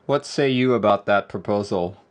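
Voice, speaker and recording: A man's voice: on the low side, moderate pace. A man live-streaming a keyboard build, chatting casually and joking with viewers. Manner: laid-back, joking with chat, often laughing.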